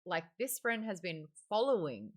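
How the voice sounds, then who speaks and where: A woman hosting a casual book club discussion, chatty and animated, laughing often. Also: on the low side, moderate pace.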